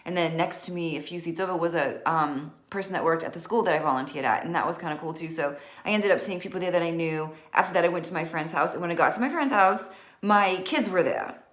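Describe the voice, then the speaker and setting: Low-voiced woman telling a candid story. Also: quick pace, echoey room. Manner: candid, frank and self-mocking, with filler words. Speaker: author and vlogger. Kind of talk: casual storytelling to camera.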